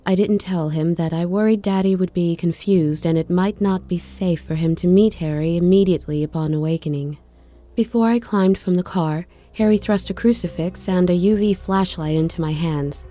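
Woman storyteller with a warm, fairly low voice; reads expressively. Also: faint music behind. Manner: reflective, measured storytelling. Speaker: audiobook narrator.

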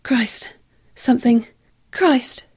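A woman's voice: on the high side, extremely slow, darkish tone, slightly rough, whispered, voice pushed up, exaggerated voice. A woman voicing a frantic, breathless young male crew trainee who stammers in shock. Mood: panicked.

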